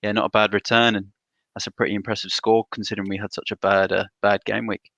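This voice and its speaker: Male pundit, low and forceful, laid-back chat, dry sound. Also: quick pace, vocal fry, no echo, highs cut off. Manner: relaxed, filler-heavy. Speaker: panel pundit. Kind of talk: casual podcast chat.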